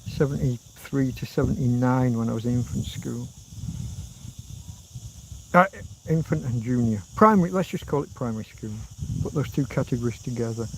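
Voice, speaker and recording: A man's voice: medium pitch, normal speed, vocal fry, pauses often, background noise. A man in his fifties with an English accent, hosting a rambling livestream chat, reading out comments, swearing casually and now and then humming tunes. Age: 50s. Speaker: livestream host.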